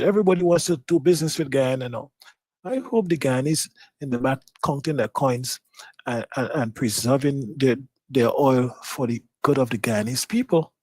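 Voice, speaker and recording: A man's voice: medium pitch, moderate pace, darkish tone, no echo, poor audio. A man on a live news talk show, firing off rhetorical questions and strong opinions.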